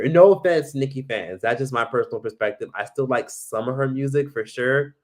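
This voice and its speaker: A man's voice: mid-range voice, brisk. A man hosting a live stream, chatting casually, swearing freely and reading viewer comments aloud.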